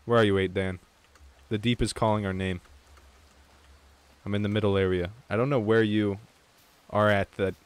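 A young man streaming an online game with viewers, chatting casually, swearing freely and getting excited. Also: fairly low pitch, normal speed, pauses often, clear, resonant tone. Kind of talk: casual gaming chat.

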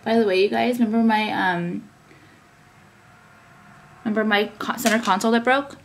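A woman's voice: mid-range voice, steady tone, normal speed, vocal fry, slight background noise. A young woman talking casually to camera, ranting with many fillers and swearing. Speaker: vlogger and business owner.

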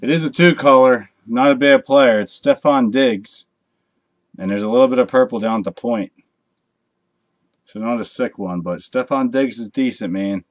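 A man's voice: mid-range voice, normal speed, no echo. A man hosting a live card break, chatting casually with viewers and swearing freely as he opens packs late at night. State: tired from a long night.

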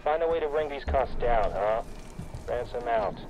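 A man's voice: mid-range voice, lively intonation, normal speed, darkish tone, lo-fi sound, natural voice. Guy voicing a snooty exec boss, talks down to everyone, noisy audio log hiss behind him. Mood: condescending. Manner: condescending, curt. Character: arrogant, dismissive male corporate boss. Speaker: corporate executive in an audio log.

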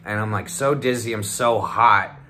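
Bright-voiced young man, swearing as he rambles. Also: fairly low pitch, normal speed, slight background noise. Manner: profane, rambling, swears constantly; acts out the voices of friends in quotes. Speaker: vlogger telling a trip report. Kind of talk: casual storytelling.

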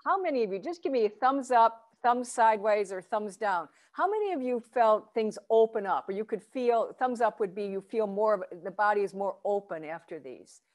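Over a video call, a woman runs a Zen chanting workshop, encouraging her students with light laughter and demonstrating chants and low vowel sounds from the belly. She speaks animatedly at normal speed, with hardly any pauses.

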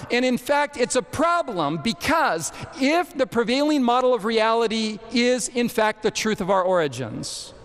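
A man preaching a sermon to a camp meeting audience, animated and questioning the crowd directly. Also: sits high. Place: large hall with audience. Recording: long hall reverb.

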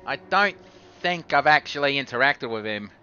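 A man's voice: medium pitch, animated, moderate pace, pushed and bright, clear, resonant tone, muffled recording. A man playing along on a game stream, joking dryly and swearing casually. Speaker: co-player on stream.

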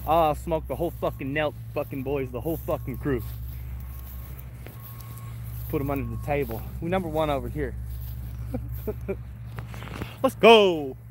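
A man livestreaming outdoors while walking his dogs, casually chatting with viewers and swearing freely in an excitable way. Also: on the high side, unhurried, long pauses, noisy background. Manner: profane, excitable, greets chat viewers. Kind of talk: casual live stream chat.

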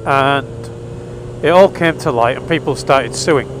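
A man's voice: mid-range voice, slow, background noise. A man chatting wryly and with some exasperation as he tells a story while riding a motorcycle. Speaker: motorcycle vlogger. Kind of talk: casual storytelling monologue. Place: outdoors on a motorcycle.

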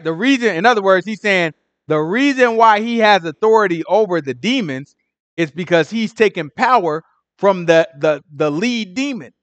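A man's voice: sits high, dry recording. A man leading an informal Bible study, talking casually, often asking "right?" and acting out characters in street slang. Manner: conversational, repeats "right?", acts out Pharisees in slang. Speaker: Bible teacher.

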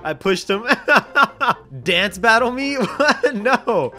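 A man narrates his gameplay in a high, bouncy voice that swings up and down and keeps dissolving into giggles. He reads chat messages aloud in an exaggerated voice. His tone is bright and forceful, and soft music plays underneath. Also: big pitch swings, extremely slow. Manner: giggly, often breaks into laughter. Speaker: gaming YouTuber. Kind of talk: excited gameplay commentary.

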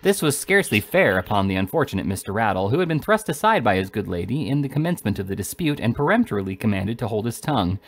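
Brief: amateur male reader, plain steady narration of a classic novel. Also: lowish voice, quick pace, few pauses. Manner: steady, occasional slips and restarts. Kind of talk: reading a classic novel aloud.

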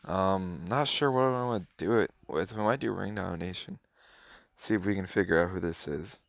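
A man's voice: low voice, moderate pace, vocal fry, no room sound. A man giving offhand, casual running commentary while playing a mobile game, muttering his thoughts as he goes.

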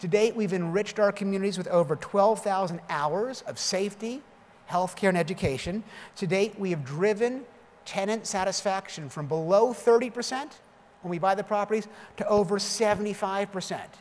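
Middle-aged man, keynote speaker, emphatic and jokey, higher voice, big echoing hall. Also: normal speed. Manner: storytelling, emphatic, jokey asides. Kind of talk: conference keynote speech. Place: large conference hall. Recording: reverberant hall with faint noise.

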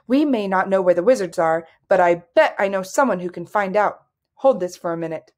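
A woman's voice: medium pitch, lively intonation, brisk, a little mellow, close to an everyday voice. A woman voicing a determined, practical young princess who speaks urgently. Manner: urgent and pleading.

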